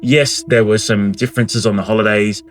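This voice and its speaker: A man's voice: fairly low pitch, flat delivery, moderate pace, faint music behind. A man telling a spooky myth in a casual, rambling way, with asides and restarts. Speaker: storyteller, channel host. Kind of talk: casual spoken storytelling of a myth.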